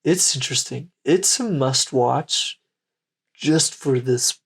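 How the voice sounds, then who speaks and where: A man's voice: mid-range voice, takes it slowly, gravelly, slightly rough. Easygoing man in reflective podcast chat. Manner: frequent backchannel agreement, reflective. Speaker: podcast co-host. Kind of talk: casual chat.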